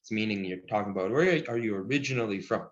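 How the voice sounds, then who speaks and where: A man teaching a Cree language class over a video call, friendly and encouraging, chuckling often and slowing down to model each word. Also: lowish voice. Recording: dull lo-fi video call audio.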